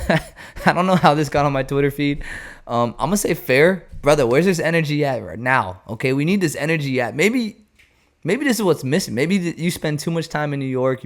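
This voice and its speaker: Male baseball show host, casual and rambling, animated and jokey. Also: fairly high pitch.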